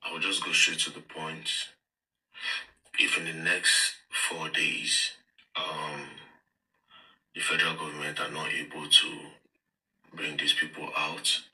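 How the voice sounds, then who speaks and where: A man's voice: a bass voice, level tone, slow, long pauses, pushed and bright. A man giving a blunt, direct recorded video statement. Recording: echoey room, from a distance.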